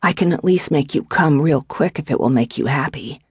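Cocky, teasing husband. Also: male voice, on the high side, brisk, husky, no echo. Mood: coaxing. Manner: teasing, confident, soft. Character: teasing devoted husband, cocky, adult man. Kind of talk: audiobook character voice.

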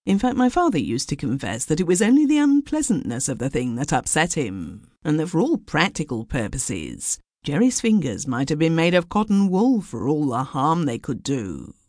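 A woman doing a brisk, unflappable old gentleman. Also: sits low, very animated, no echo, clean studio sound, heavily acted. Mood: reassuring.

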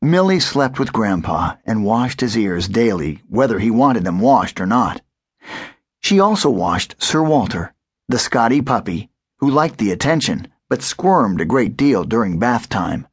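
A man narrating a children's audiobook with expressive storytelling. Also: fairly low pitch, a little slow, slightly rough, dry recording, studio quality.

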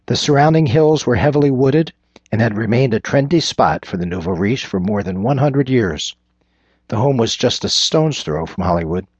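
A man narrating a thriller audiobook in a measured, descriptive way. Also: on the low side, a little mellow, husky, no room sound. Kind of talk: scripted narration. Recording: dull lo-fi recording.

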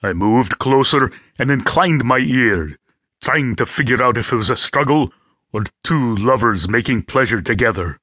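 A man's voice: medium pitch, animated, moderate pace, sharp tone, breathy edge, no room sound. A man reading a first-person audiobook with gritty, vivid storytelling, close to a studio mic. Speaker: audiobook narrator.

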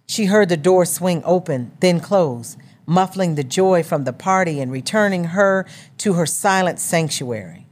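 A woman reading a novel as an audiobook narrator in a measured storytelling manner. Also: fairly low pitch, expressive, darkish tone.

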